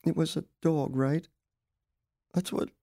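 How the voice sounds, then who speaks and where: A man's voice: on the high side, steady tone, slow pace, gravelly, dark tone, dry recording, studio quality, pitched above the performer's own voice. A man voicing a grieving woman neighbor, tearful and fierce, in a story reading. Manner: tearful, choked, pleading.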